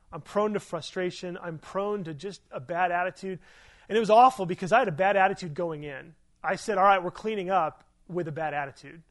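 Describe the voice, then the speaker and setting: Earnest high-voiced male pastor preaching. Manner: conversational, earnest storytelling with rhetorical questions. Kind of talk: sermon.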